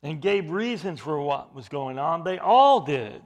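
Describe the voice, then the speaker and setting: A man preaching an expository sermon, emphatic, with his voice rising into loud bursts. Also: on the high side, animated, measured pace.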